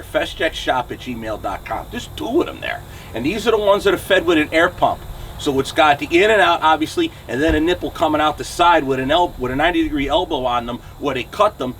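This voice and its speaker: A man in his forties who hosts a trucking channel delivers a furious rant to camera in front of his truck shop. He speaks with a New Jersey accent, curses bluntly, and keeps throwing in "okay?" and "right?". His voice is a little high and a bit bright, far from the mic, with slight background noise.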